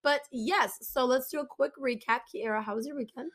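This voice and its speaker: Young woman, hoarse, raspy voice, somewhat high pitch, casual podcast chat, lots of fillers. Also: a little fast. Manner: chatty, many fillers. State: hoarse, losing her voice. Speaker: podcast co-host.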